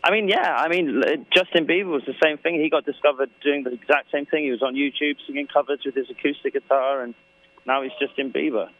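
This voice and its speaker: A man's voice: fairly high pitch, fast talker, muffled recording. A man with an English accent, a musician chatting loosely in an interview, joking and telling rambling stories. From England. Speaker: guest musician. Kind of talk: casual interview chat.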